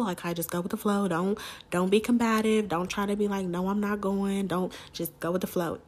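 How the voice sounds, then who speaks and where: A young woman vlogger telling a casual storytime, lively and chatty, acting out her own and her mother's lines. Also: mid-range voice, normal speed. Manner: animated, quotes herself and her mom in raised voice.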